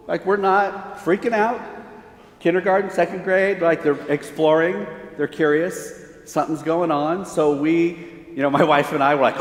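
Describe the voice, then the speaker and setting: A man's voice: a little high, moderate pace, a little hiss or hum. A middle-aged man, a pastor giving a conversational conference talk, telling stories and acting out the voices of the people in them. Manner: conversational, animated storyteller acting out quoted voices. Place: large hall. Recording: echoey hall, long reverb.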